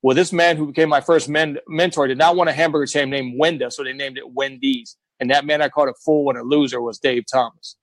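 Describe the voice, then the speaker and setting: A man's voice: mid-range voice, steady tone, fast talker, hardly any pauses, dry recording, poor audio. A middle-aged American man, a guest, telling his life story earnestly and with emphasis, acting out the voices of people he quotes. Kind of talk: emotional personal storytelling.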